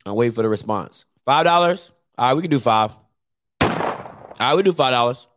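A man's voice: medium pitch, expressive, brisk, a bit bright, no room sound. A man hosting his own YouTube show, chatting casually and teasing viewers, with lots of fillers. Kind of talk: casual live-stream talk.

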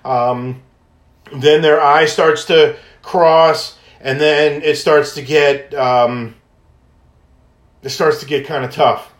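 A man hosting a podcast, telling stories in a casual, high-energy way, laughing often and acting out phone calls. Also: fairly even intonation, slow. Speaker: podcast host and wish granter. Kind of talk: casual storytelling monologue. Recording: echoey room.

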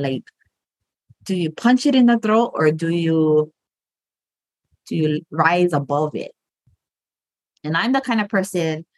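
A woman's voice: on the low side, dry recording. A woman in casual podcast chat, blunt and profane, rambling with restarts and acting out the voices in her head.

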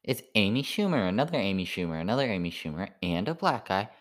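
A sleepy man rambling through a halting stand-up style monologue full of "like" fillers. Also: on the low side, very animated.

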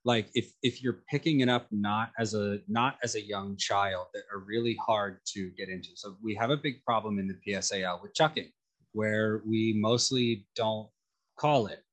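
A man's voice: fairly low pitch, moderate pace, fairly bright tone. A man in casual conversation who gives frequent short acknowledgements and then speaks at length.

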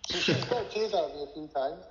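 A man's voice: sits high, brisk. A man telling a personal story as an interview guest, rambling, swearing and full of filler words. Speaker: interview guest, former music manager. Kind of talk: casual storytelling. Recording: echoey room with long reverb, dull lo-fi sound.

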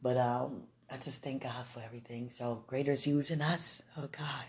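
A woman's voice: extremely low pitch, fairly even intonation, normal speed, darkish tone. A woman in ministry talking tenderly to her viewers, slipping into prayer and laughter between thoughts. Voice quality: effusive, breaks into prayer and laughter, repeats "Oh, God". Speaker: Christian ministry vlogger. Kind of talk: emotional, prayerful chat to viewers.

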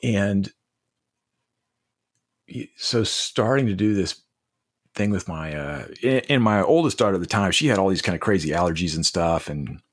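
A middle-aged man telling heartfelt stories as a podcast guest, halting and restarting often. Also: low voice, animated, slightly rough. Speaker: podcast guest, leadership coach. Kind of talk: casual interview storytelling.

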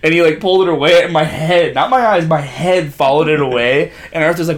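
A young man in casual chat, telling animated stories, swearing freely and laughing often. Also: fairly high pitch, fast, few pauses.

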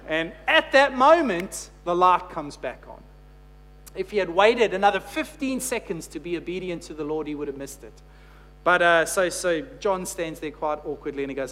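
A man's voice: a little high, animated, moderate pace, fairly bright tone. A man preaching a sermon. He tells a story and then builds to emphatic, repeated phrases. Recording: long hall reverb with faint hum.

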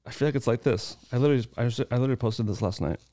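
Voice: medium pitch, warm tone. A podcast host in casual chat, joking and firing off questions. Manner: quick, joking, asks many questions.

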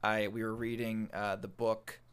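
A man's voice: fairly low pitch, a little slow, smooth. A young man in casual chat, telling funny stories with lots of laughter and acted-out quotes. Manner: animated, laughing, acts out quotes.

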